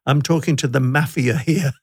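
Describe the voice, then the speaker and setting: A man's voice: medium pitch, fairly even intonation, normal speed, slightly rough, dry recording. A man hosting a podcast, reading an ad and then telling stories in casual chat, laughing often. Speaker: podcast host.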